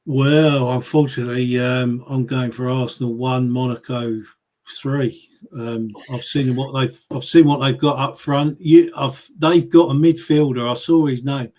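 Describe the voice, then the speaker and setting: A man on a fan call-in, talking in a sarcastic, mocking and blokey way. His voice is at an ordinary middle pitch. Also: steady tone, unhurried, darkish tone. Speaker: caller. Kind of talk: casual fan call-in chat.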